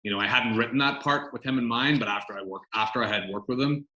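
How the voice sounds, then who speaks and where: Chatty man, bright voice. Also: mid-range voice, fast talker, reverberant, rough recording. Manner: chatty, rambling, many fillers and restarts. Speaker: film director. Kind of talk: casual interview answers.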